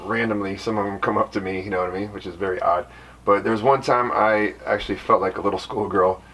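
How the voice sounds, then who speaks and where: A man from the Bay Area telling a story in a relaxed, rambling way, often saying "you know". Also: fairly low pitch, quick pace, husky, far from the mic. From Bay Area, California. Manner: laid-back, rambling, drops in "you know". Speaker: band member, podcast co-host. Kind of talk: casual storytelling chat. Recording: voice from off the mic with faint background noise.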